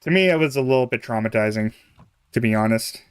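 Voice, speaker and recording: A man's voice: mid-range voice, fast talker, smooth, no room sound, studio quality. A young man chatting casually on a game live stream, rambling, chuckling often and trailing off mid-thought. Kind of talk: casual live-stream chat while playing.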